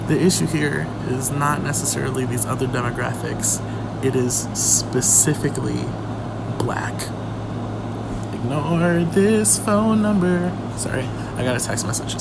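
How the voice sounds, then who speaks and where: A man's voice: on the high side, gravelly, heavy background noise. A tired man who is feeling unwell delivers an emphatic, exasperated commentary over a screen recording. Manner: emphatic, exasperated, rising to heated outbursts. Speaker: content creator.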